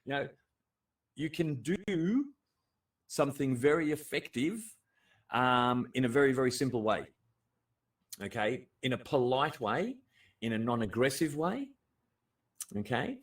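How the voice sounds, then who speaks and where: A man's voice: medium pitch, a little slow, long pauses, distant mic. Aussie guy chatting on a livestream, swears a lot, voice bounces up and down, sits a bit back from the mic. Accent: Australian. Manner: animated and blunt, swears freely, laughs often. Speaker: livestream host. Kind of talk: casual livestream chat.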